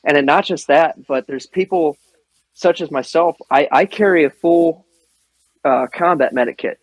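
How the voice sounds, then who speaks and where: A man's voice: a little high, moderate pace, no room sound, low-quality recording. A young man hosting a podcast, talking in an earnest, profane and digressive way. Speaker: podcast host. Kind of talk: casual chat.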